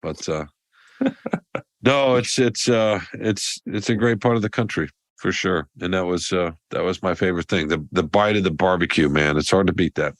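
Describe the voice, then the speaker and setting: A man's voice: deep voice, moderate pace, no room sound. A man co-hosting a podcast, telling a long, rambling story in casual chat with many restarts. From American South. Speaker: podcast co-host.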